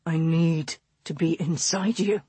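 A woman voicing a young man as an ardent lover in an audiobook, with a low, groaning, strained delivery. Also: fairly even intonation, unhurried, dark tone, breathy edge, no echo, heavily acted.

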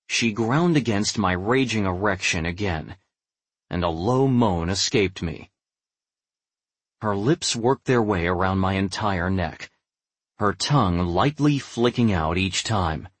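A man reads a first-person romance story at an unhurried, drawn-out pace. His low voice carries a husky grain, and he drops to a hushed, breathy tone for the dialogue. The recording is dry and close. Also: no room sound. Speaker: audiobook narrator.

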